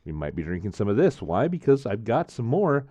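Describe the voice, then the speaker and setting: A man chatting casually to camera while tasting drinks, rambling, repeating himself and filling pauses with frequent "uh, um" sounds. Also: fairly low pitch, sing-song, warm tone, dry recording.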